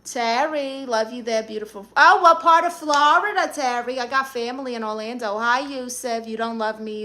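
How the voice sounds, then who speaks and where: Sassy, bright-voiced woman streamer. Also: on the high side. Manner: sassy, blunt, teasing. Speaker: live-stream host. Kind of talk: live-stream chat reading.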